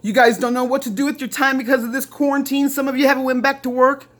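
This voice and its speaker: A middle-aged Indiana woman from Lafayette fires off a heated, profane rant directly to the camera, repeating lines and mocking others in put-on voices. She talks fast in a high-pitched, fairly bright voice with a flat delivery.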